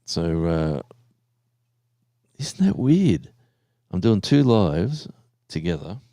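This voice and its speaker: Deep-voiced Australian man streaming live. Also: big pitch swings, slow pace, dark tone, no room sound, studio quality. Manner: rambling, chatty, easygoing. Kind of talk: casual live stream chat.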